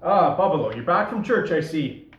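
Man reading gruff suspicious lawman, blunt, echoey room, dull sound. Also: on the high side, lively intonation, normal speed, a bit bright, a little hiss or hum. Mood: stern. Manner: blunt and demanding. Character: gruff, suspicious male lawman searching for liquor. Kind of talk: play read-through. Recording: roomy, muffled recording.

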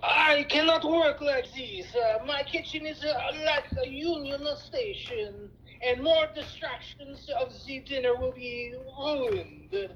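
A woman's voice: high voice, lively intonation, measured pace, fairly bright tone, echoey room, highs cut off, slight background noise. A woman doing a stammering fake Italian chef. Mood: indignant. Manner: stammering with constant uhs, mock foreign accent. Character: bumbling man faking an Italian chef. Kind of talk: play read-through.

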